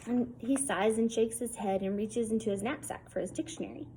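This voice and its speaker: Female audiobook narrator, casual and wry, slightly high, mellow tone. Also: brisk, slight background noise, poor audio. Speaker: audiobook reader. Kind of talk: first-person novel narration.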